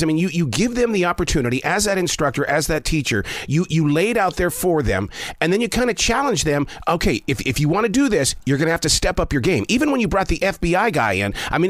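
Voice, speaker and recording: A man's voice: on the high side, dry recording. A man hosting a podcast, chatting with a guest in an enthusiastic, effusive way. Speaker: podcast host. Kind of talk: casual interview chat.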